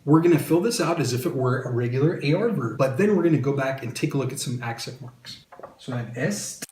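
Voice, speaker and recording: A man's voice: medium pitch, animated, fairly quick, a little mellow. A man teaching a video lesson, with an upbeat manner and joking asides to the viewer. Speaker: Spanish teacher. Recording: roomy echo.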